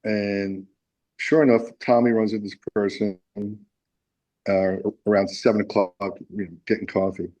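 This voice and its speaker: A man's voice: fairly low pitch, fairly even intonation, normal speed, a little mellow, dull audio. A man being interviewed about his music, telling a long, rambling anecdote with many restarts. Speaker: musician guest. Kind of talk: casual interview storytelling.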